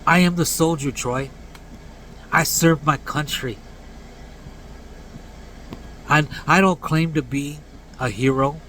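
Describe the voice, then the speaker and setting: Man, late forties, blunt and earnest, slightly high voice, mumbled line endings, faint vehicle hum behind. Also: unhurried, a bit bright, poor audio. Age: 40s. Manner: blunt and earnest, drops to low mumbled tags at line ends. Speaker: vlogger. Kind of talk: casual preachy rant to camera.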